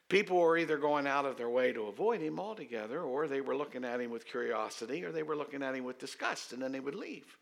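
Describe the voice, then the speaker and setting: A man in his fifties, a pastor telling a story in his sermon in a conversational, self-deprecating way with dramatic pauses. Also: fairly high pitch, vocal fry, pushed and bright.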